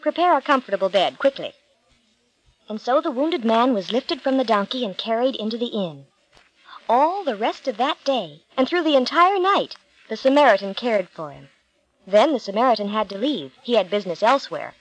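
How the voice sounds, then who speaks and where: A woman narrating a Bible story with clear, measured storytelling. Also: on the high side, expressive, low-quality recording.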